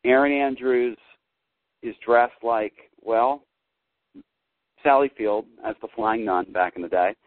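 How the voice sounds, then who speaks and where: Fired-up sports talk host on a tinny line. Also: male voice, medium pitch, slow pace, long pauses, no room sound. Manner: fired-up, ranting, swings between muttering and loud. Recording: tinny phone-line sound, dry.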